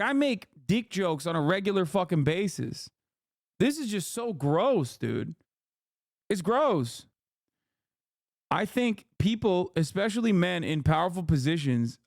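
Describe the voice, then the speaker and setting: A man's voice: high-pitched, no echo, studio quality. A man giving heated, profane reaction commentary on a livestream, ranting and mocking what he reads. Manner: mocking quoted voices. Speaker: streamer.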